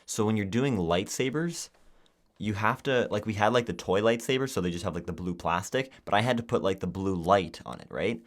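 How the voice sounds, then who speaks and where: A young man with a fairly low, fairly quick voice co-hosts a podcast, chatting casually. He's an animated storyteller who acts out quotes as he goes.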